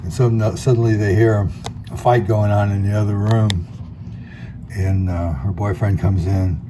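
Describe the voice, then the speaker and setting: Low-voiced laid-back man retelling a comic. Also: measured pace. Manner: laid-back, rambling, lots of fillers. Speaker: comics video host. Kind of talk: casual retelling of a comic story. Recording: steady background noise.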